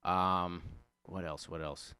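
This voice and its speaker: A man's voice: low voice, steady tone, takes it slowly, bright, forceful tone, clear, resonant tone, no echo. A man rambling casually and profanely as he talks over his drawing, chuckling often. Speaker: artist talking over a drawing.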